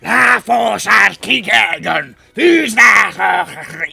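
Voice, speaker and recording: A man's voice: high voice, expressive, very slow, gravelly, pushed and bright, raised voice, faint music behind, voice pushed up, heavily acted. A man voicing a male bone devil general who barks orders in a made-up infernal tongue. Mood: commanding.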